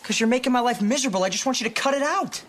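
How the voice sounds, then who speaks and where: A man's voice: extremely high pitch, rapid-fire. An actor playing a cocky young man who teases and mocks in a sitcom. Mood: defensive. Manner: mocking, playful teasing. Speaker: older brother. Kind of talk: sitcom acting. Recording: loud hissy broadcast audio.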